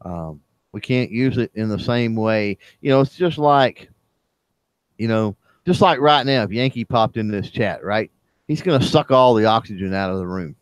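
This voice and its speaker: A man co-hosting a casual online chat, speaking in a halting way with many fillers and restarts. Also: lowish voice, no room sound. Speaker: livestream chat co-host.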